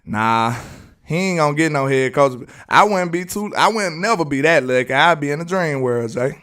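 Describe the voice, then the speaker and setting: A man's voice: on the high side, lively intonation, moderate pace, a bit bright, far from the mic. A man with a Southern US accent hosting live sports commentary, arguing emphatically and repeating his points. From Alabama, US. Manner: argumentative and emphatic, repeats phrases. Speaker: sports channel host.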